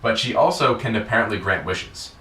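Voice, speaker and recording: A man hosts a podcast, casually recapping a wrestling show in a rambling, profane way packed with fillers. His voice is fairly low, expressive, fairly quick, pushed and bright. The room is echoey and the mic sits at a distance.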